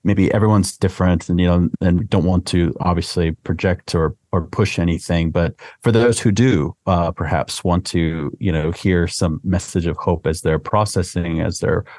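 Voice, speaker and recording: Very deep-voiced male host, halting. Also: fairly even intonation, a little mellow, dry recording. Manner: halting, with many restarts and fillers. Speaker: podcast host. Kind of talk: interview question.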